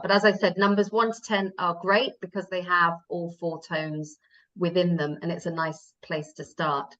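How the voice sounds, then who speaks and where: A woman's voice: fairly low pitch, a bit bright, highs cut off. A woman language teacher giving a live taster class, explaining patiently step by step with fillers.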